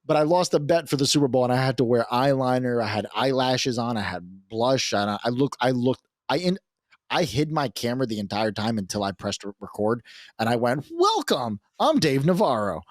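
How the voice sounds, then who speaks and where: A man hosting a casual podcast, telling a story in an animated, profane way. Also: medium pitch, brisk, no echo, studio quality. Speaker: podcast host.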